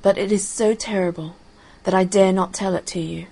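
A woman's voice: mid-range voice, fairly even intonation, normal speed, vocal fry, mellow, slightly rough. A woman voicing a grave, weary red rose tree. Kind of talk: storybook reading.

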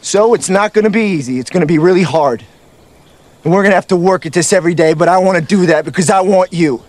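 A man's voice: high voice, fast talker, darkish tone, dry recording, natural voice. An actor playing an earnest young man pleading with the woman he loves in a film scene. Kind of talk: romantic film dialogue.

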